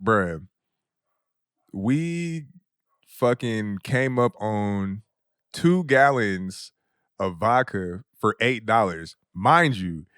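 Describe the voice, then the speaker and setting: A young adult man hosting a podcast, telling a story in a casual, animated way. He laughs often mid-story and uses a lot of slang and profanity. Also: on the low side, drawn-out words, long pauses, clear, resonant tone, no room sound, studio quality. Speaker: podcast host.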